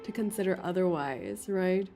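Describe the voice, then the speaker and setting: A woman's voice: on the low side, animated, normal speed, gravelly, mellow. A woman streamer giving playful, slangy commentary while playing a game. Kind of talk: casual game playthrough commentary. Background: game music.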